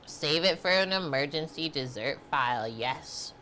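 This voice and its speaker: A woman's voice: low-pitched, animated, unhurried, bright, forceful tone, slight background noise. A woman hosting a live cooking stream, chatting casually with viewers and filling her talk with "like". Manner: chatty, answers chat, many "like" fillers.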